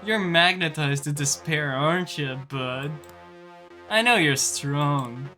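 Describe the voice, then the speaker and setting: A streamer voicing a twitchy, hot-tempered brawler who swears freely and yells when cornered. The voice runs bright and forceful, louder and higher than the reader's own. Faint music sits underneath. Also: takes it slowly. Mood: taunting. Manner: loud, profane, frantic outbursts. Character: anxious, volatile brawler man, swings to rage. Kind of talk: reading game dialogue aloud.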